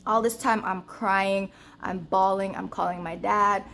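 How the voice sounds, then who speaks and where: A young woman vlogging about budgeting, telling a story to her viewers in an animated, casual way. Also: a little slow, creaky, a little hiss or hum. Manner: counts cash in a low murmur.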